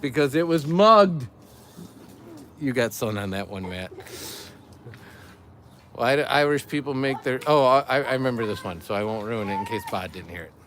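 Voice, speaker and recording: A man's voice: fairly low pitch, moderate pace, a bit bright, slight background noise. A man hosting a casual live chat by a backyard fire at night, joking and laughing as he talks to viewers. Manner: joking, laughs often, reads chat aloud. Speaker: livestream host, father.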